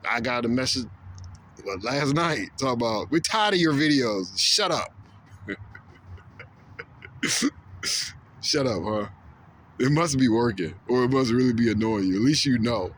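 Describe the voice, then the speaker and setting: A man's voice: mid-range voice, normal speed, pauses often, a little hiss or hum. Stammering man ranting to camera. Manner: repetitive, stammering restarts; acts out quoted voices. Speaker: video blogger. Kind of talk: casual opinion monologue.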